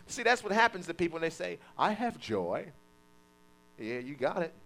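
Animated preacher man, lively and high. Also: quick pace. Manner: animated preaching with call-and-response and mock quotes. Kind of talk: sermon.

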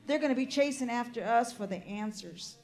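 A woman's voice: a little high, fairly quick, darkish tone. An older woman preaching a sermon, fervent and peppered with amens and hallelujahs, telling personal stories with asides.

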